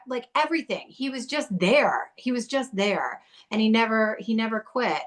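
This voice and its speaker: A woman's voice: fairly high pitch, animated, moderate pace. A woman guest in her thirties or forties telling her own story in a blunt, heated way, swearing often. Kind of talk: candid conversational storytelling.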